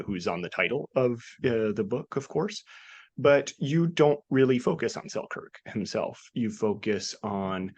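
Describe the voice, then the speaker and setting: A man hosting a history podcast, asking an author about his book in a measured, curious way. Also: fairly low pitch, dry recording. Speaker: podcast host. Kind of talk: interview questions.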